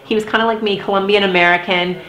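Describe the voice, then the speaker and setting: Young woman vlogger, candid storytime, emotional and chatty, echoey room, mid pitch. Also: fairly even intonation, quick pace, a bit bright. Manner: candid, emotional, heavy use of "like". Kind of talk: casual storytime. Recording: roomy echo.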